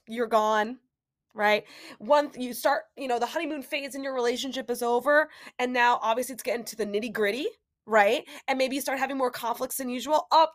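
A young adult woman hosting a solo podcast, talking casually and animatedly, acting out inner voices and quoted remarks. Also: fairly high pitch. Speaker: podcast host.

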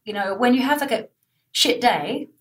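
A woman runs a casual interview, chatty and excitable with the odd casual swear. She sounds set back from the microphone. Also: on the high side, moderate pace, far from the mic.

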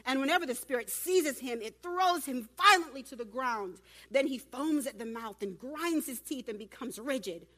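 A woman's voice: high-pitched, expressive, normal speed, a bit bright. A woman doing a desperate pleading father. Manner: urgent, pleading.

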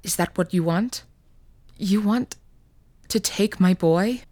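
A woman's voice: slow pace, mellow, dry recording, studio quality. A woman voicing a young mother pleading, tearful, for her child in a told story. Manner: pleading, pitched up. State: crying. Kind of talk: storytelling podcast reading.

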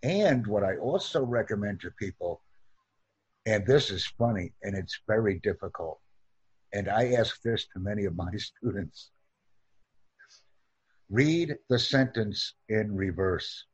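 A man teaching an online English lesson, speaking in slow, deliberate drills and repeating sentences for practice. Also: on the low side, animated, husky.

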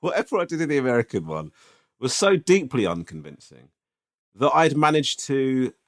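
Man, podcast co-host, animated pitch, swearing, rambling anecdote. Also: normal speed. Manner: animated storytelling, swears often. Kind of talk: casual chat.

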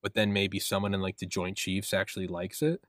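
A man's voice: low voice, little pitch movement, fairly quick, a bit bright, no echo. A man hosting a podcast in casual comedic chat, rambling and joking as he acts out imagined dialogue. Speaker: podcast host. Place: small apartment home studio.

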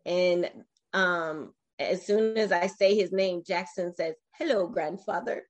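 A woman in her forties, a podcast interview guest, telling her own life story in an animated, emotional way with frequent restarts. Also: fairly low pitch, slow.

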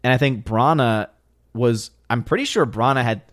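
A man hosts a live stream and chats through viewer comments in a loose, thinking-aloud way, with restarts and small laughs. His voice sits at a middle pitch. The sound is close and dry, with no room echo. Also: normal speed. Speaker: live stream host reading chat. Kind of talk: casual live stream chat.

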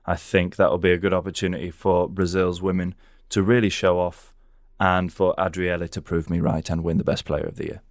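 A man's voice: low-pitched, little pitch movement, brisk, no echo, clean studio sound. A man with a Northern English accent, co-hosting a podcast in easygoing casual chat. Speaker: podcast co-host.

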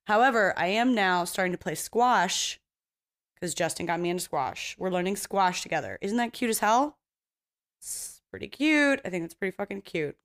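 A woman's voice: mid-range voice, expressive, normal speed, fairly bright tone. A woman hosting a podcast on her own in casual chat, rambling and blunt, swearing freely and mocking herself. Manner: self-mocking and playfully opinionated. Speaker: podcast host.

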